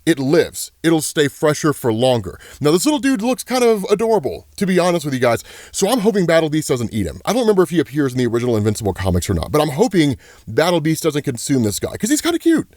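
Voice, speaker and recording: A man recaps a comic in a casual, excited way, full of "like" and "right?". His voice sits fairly high and swings a lot in pitch. The sound is dry and close. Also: rapid-fire, no echo. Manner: casual, filler-heavy, excited. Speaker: comic book explainer.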